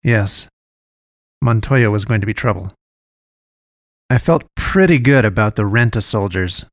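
A man narrating a first-person story in a measured, even way. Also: fairly low pitch, no room sound, clean studio sound.

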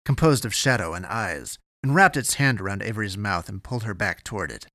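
Low-voiced man narrating an audiobook. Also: animated, fairly quick, hardly any pauses, bright, forceful tone, no room sound, clean studio sound. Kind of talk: scripted narration.

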